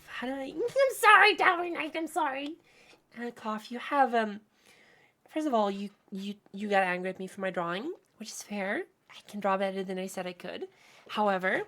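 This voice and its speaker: A woman streaming a game, casually chatting and playfully teasing her viewers, often breaking into giggles. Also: medium pitch. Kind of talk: casual live-stream chat.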